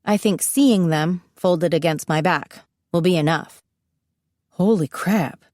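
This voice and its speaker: A woman's voice: on the low side, unhurried, darkish tone, no room sound. A woman narrating a first-person audiobook in an intimate, confiding manner, close to the mic.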